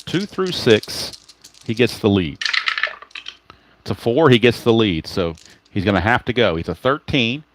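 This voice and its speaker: A man's voice: fairly low pitch, expressive, measured pace, long pauses, background noise. A man calling a solo tabletop baseball game in a casual play-by-play style, chatty and self-correcting, muttering to himself while he hunts for cards.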